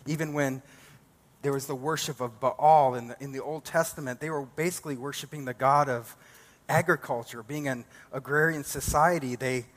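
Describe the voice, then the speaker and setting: A man's voice: mid-range voice, fairly even intonation, moderate pace. A male pastor preaching a sermon, building emphatic repeated declarations.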